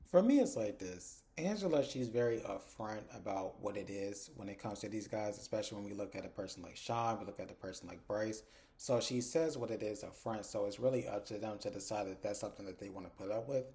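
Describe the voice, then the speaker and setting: A man casually recapping a TV episode, retelling scenes in an animated, profane way. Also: on the low side, fairly quick. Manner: animated retelling, slips into characters' lines, profane. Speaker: TV episode reviewer.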